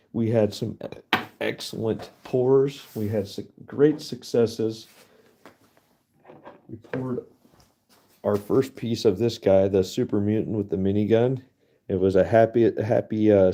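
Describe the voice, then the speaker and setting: A low, gravelly man talks his viewers through his work in a chatty, easygoing way, calling them guys and laughing often. His voice is dark and mellow and going hoarse from the night cold. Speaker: livestream host. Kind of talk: casual live-stream commentary.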